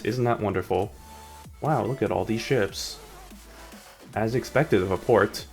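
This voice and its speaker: A man's voice: fairly low pitch, slow, long pauses, soft background music. A young man streaming a driving game, rambling in casual commentary and mocking himself. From United States. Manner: rambling, self-mocking, breaks into sung snippets.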